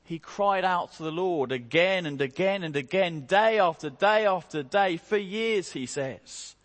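A man preaching a morning sermon, slow and emphatic, with dramatic rises and quiet drops. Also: high voice. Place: church hall. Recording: long hall reverb.

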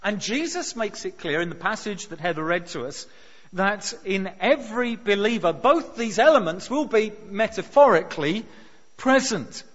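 A man with a high voice delivers a sermon, stressing key words with sudden force and almost shouting them. The recording sounds muffled and lo-fi. A long reverb trails behind him, as in a large church hall. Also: animated, moderate pace. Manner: emphatic, rises to near shouts on key words. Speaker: preacher.

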